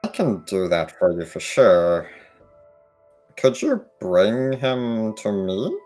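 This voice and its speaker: Ein Mann als gemütlicher Froschfreund. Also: male voice, lowish voice, very animated, slow pace, a little mellow, soft background music. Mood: friendly. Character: laid-back male frog friend who loves flies.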